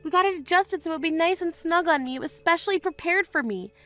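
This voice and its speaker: An indignant young bride , voiced by a woman, speaks in a high voice, firm and cutting. Faint music sits under her lines. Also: quick pace, fairly bright tone. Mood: upset. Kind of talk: voiced text-story drama.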